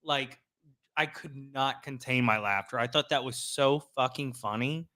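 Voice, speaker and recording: A man's voice: mid-range voice, measured pace, sharp tone, no room sound, clean studio sound. A man in his late thirties with a Southern accent, co-hosting a casual live-stream chat with sassy, laughing banter. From Louisiana. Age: 30s. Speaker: guest co-host.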